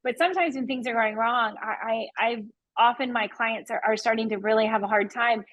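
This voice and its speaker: A woman with a high voice hosts a podcast interview. She is enthusiastic and encouraging, often praising her guest. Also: fairly quick, fairly bright tone, dull audio. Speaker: podcast host and real estate agent. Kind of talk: interview conversation.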